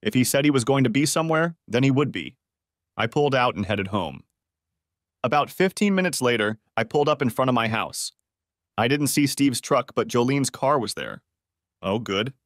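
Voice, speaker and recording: A man narrates a dramatic first-person audiobook story with expressive, storytelling delivery. His pitch moves a lot, keeping the reading animated. The sound is dry and close, with no room around it. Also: normal speed, no echo.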